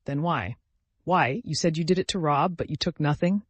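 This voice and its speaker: A man's voice: a little high, moderate pace, dry recording, pitched above the performer's own voice, lightly acted. A man voicing a tormented young man confessing a murder, speaking in an anguished, pleading way.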